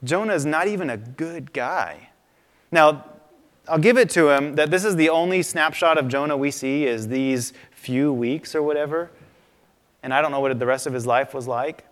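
A man pastor preaching a sermon in a conversational, animated way, in a church sanctuary. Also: a little high, moderate pace. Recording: long reverb of a large hall.

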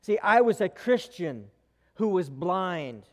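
Male pastor, high voice, slow dramatic storytelling, long church reverb. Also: very animated. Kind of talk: sermon with an illustrative story. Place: church sanctuary.

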